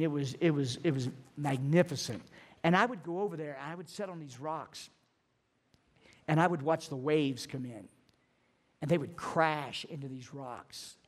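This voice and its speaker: A middle-aged male pastor delivers a sermon in a fairly high voice. He tells stories in a loose, conversational way with many restarts, then reads scripture with strong emphasis. His voice carries a long reverb from a large church hall. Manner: conversational storytelling with frequent restarts, rising to emphatic scripture reading.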